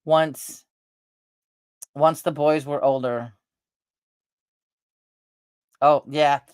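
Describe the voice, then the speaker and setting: A middle-aged woman rambling through family stories in a casual, animated vlog chat. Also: low voice, very slow, clean tone, no echo, clean studio sound. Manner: rambling, animated, talks with her face. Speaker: vlogger.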